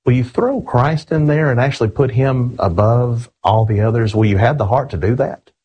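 A man preaching an earnest, emphatic sermon, slowing down to read scripture aloud and calling his listeners friends. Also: mid-range voice, husky, highs cut off.

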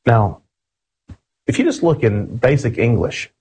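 Male preacher, husky voice, earnest and emphatic delivery, slows for scripture readings. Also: mid-range voice, lively intonation, a little mellow, low-quality recording. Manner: earnest, emphatic, addresses listeners as friends. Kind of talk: sermon.

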